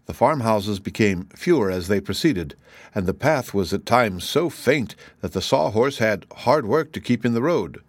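A man narrating a children's book chapter in a steady, measured reading. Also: on the low side, no room sound. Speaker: audiobook narrator. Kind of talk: scripted narration.

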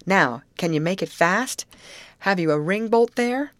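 A woman's voice: fairly low pitch, lively intonation, unhurried, no echo, voice pushed up. A woman reading a friendly but domineering male boatman in an audiobook, talking in a businesslike way. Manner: businesslike, used to giving orders. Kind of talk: audiobook character voice.

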